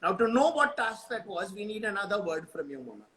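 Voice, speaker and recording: A man with an Indian English accent telling an improvised funny story on a live stream, animated and slipping Hindi into his English. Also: sits high, brisk, poor audio.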